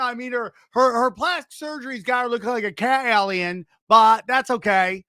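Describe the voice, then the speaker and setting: High-voiced ranting male podcast host. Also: a little fast, few pauses, dry recording. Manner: excitable and ranting, swearing, breaks off to yell at his dog. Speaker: podcast host reacting to videos. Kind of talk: casual comedic commentary.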